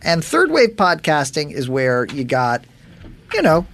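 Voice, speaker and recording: A man guesting on a comedy podcast, rambling through improvised bits in an animated way. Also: a little high, a little slow, vocal fry. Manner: animated, rambling, breaks into goofy impressions.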